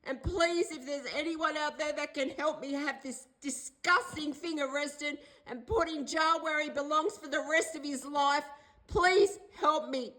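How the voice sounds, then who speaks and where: Agitated high-pitched Australian woman. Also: unhurried, pushed and bright, poor audio. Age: older. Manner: agitated, pleading and accusing, repeating phrases. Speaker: vlogger. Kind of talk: distressed direct-to-camera plea.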